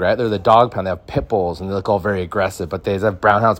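This deep-voiced young man talks a little fast while hosting a solo podcast from his backyard. Speaking into a phone, he rambles in a laid-back way, dropping "like" and "right?" constantly as he chats casually.

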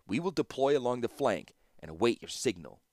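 A man's voice: medium pitch, sing-song, brisk, a little mellow, no room sound, studio quality, close to an everyday voice. A man reading aloud, voicing an older war captain who answers stiffly through clenched teeth. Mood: resentful.

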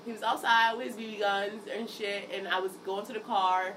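A woman in her thirties, chatting casually and telling animated stories, acting out quotes, swearing and laughing often. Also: medium pitch, brisk. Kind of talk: casual chat. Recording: distant mic, noisy background.

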